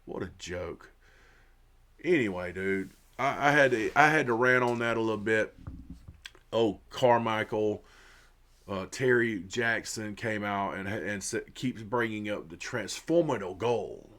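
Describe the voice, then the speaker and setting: A man's voice: on the low side, measured pace, a bit bright. A man ranting about sports in an irritated, profane way, stumbling over and repeating his words. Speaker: sports commentary vlogger. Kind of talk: ranting opinion monologue.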